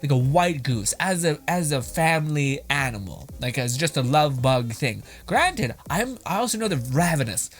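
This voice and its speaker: A man's voice: on the high side, big pitch swings, normal speed, few pauses, soft background music. A young man hosting, giving casual, rambling reaction commentary with frequent laughter and plenty of swearing. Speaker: host reacting to videos.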